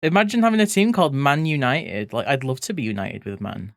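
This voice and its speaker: A playful art streamer chats loosely with viewers while working, reading their messages aloud and dropping the odd swear. The voice sits at a middling pitch and is recorded close and dry, with no room sound around it. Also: animated, brisk, no echo. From England (grew up in Leeds). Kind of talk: casual chat with live viewers while drawing.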